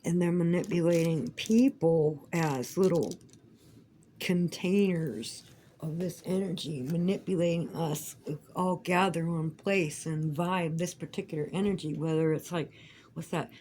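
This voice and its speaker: A woman's voice: lowish voice, steady tone, unhurried, mellow, slight background noise, low-quality recording. A woman vlogging at home, rambling casually with lots of swearing and frequent laughs. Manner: profane, rambling, laughs often. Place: at home while crafting.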